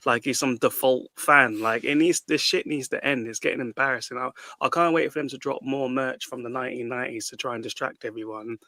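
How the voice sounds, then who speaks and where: A man's voice: medium pitch, brisk, few pauses, bright, forceful tone, no echo. A man on a football podcast, letting off steam in a long rant. He swears freely and restarts his sentences. His voice is dry and close, with no room sound. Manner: ranting, sweary, restarts a lot. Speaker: podcast panelist. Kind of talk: casual football debate.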